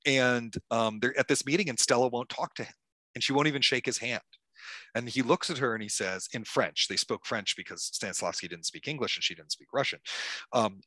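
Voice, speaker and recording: A man being interviewed as an author, telling history in a lively conversational way with many fillers and restarts. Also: mid-range voice, brisk, no room sound. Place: stage talk at a club event.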